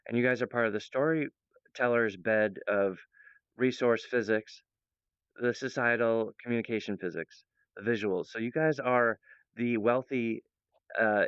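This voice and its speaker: A man's voice: mid-range voice, a bit bright, clear, resonant tone, dry recording, lo-fi sound. A man talking earnestly and meandering to his viewers about his project, with many fillers and restarts. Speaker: presenter of his own project. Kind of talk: rambling monologue to viewers.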